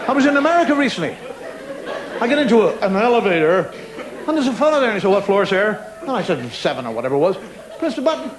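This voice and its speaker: A man's voice: high voice, sing-song, quick pace, a crowd in the background. A middle-aged man doing stand-up, ranting in exasperation about everyday annoyances, mimicking people and car horns. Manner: exasperated ranting with mimicked voices and sound effects. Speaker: stand-up comedian. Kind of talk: stand-up routine before a live audience. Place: television studio stage. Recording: live show audio with audience noise.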